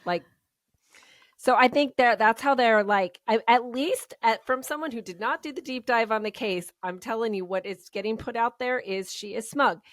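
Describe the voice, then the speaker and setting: A woman's voice: on the high side, moderate pace, no room sound, studio quality. A woman co-hosting a true-crime podcast, chatting casually and often hedging while she searches for the right word. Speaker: podcast co-host.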